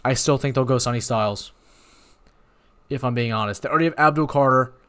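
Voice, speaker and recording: A young man hosting a live watch party, talking in a rambling, excitable way and often apologizing. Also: mid-range voice, a little fast, smooth. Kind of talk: live-stream reaction chat.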